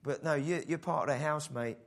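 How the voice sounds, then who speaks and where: A man preaching a sermon in an animated style, acting out the voices in the story. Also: on the high side, a little fast, gravelly. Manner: animated preaching, acts out the father's voice. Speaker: pastor.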